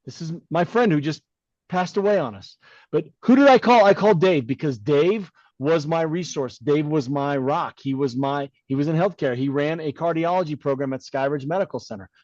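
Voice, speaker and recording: A man's voice: fairly high pitch, moderate pace, dry recording, dull audio. A middle-aged man, a podcast co-host, telling a personal story in casual chat, blunt and given to acting out the voices of the people in it. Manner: animated storyteller who acts out quoted dialogue.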